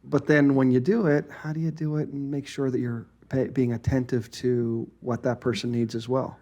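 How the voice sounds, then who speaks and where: A man's voice: mid-range voice, flat delivery, normal speed, dark tone. A man co-hosting a podcast, talking thoughtfully and restarting his sentences as he reflects. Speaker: podcast co-host. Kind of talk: reflective casual chat.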